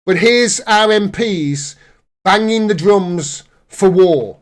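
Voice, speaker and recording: A man's voice: sits high, slow pace. A man hosting a live political commentary stream, reading news aloud and reacting with indignant sarcasm.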